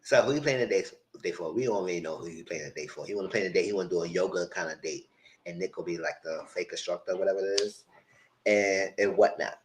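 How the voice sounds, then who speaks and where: A man giving a casual, animated live recap of a reality show, full of quoted asides. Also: deep voice, fast talker, slight background noise, poor audio.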